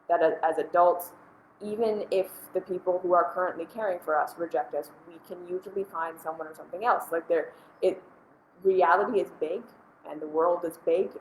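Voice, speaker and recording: A woman with a lowish voice talks earnestly and conversationally, thinking aloud with frequent "like" fillers. Her voice rings in a roomy, echoey space, with a faint hiss underneath. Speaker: host. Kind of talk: casual spoken commentary.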